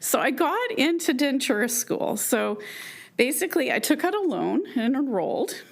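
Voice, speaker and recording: A Canadian woman in her fifties gives a personal keynote to a live audience, speaking earnestly and emotionally and sometimes stopping to restart. Her voice is high, with big pitch swings and some vocal fry.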